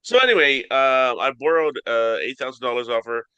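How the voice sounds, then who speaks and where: A man with a bright, forceful voice spins deadpan, absurd stories in casual comedy podcast chat. He jumps way up in pitch when he acts out other people. The sound is close and dry. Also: fairly quick, clean tone, dry recording, muffled recording. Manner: deadpan absurd storytelling, voices his mom in high squeaks. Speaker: podcast co-host.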